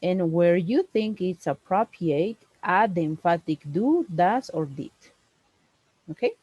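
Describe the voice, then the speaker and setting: A woman, teaching a one-on-one English lesson over a video call, explaining slowly and stressing key words. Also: on the low side, animated, mellow, dry recording, highs cut off.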